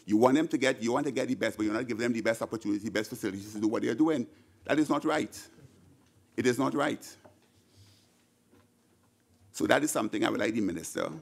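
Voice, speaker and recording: Speaking in a fairly low pitch, a middle-aged Trinidadian man delivers a fervent senate budget speech in the chamber through a desk microphone. His Trinidadian accent is clear, and he frequently repeats words and starts sentences over.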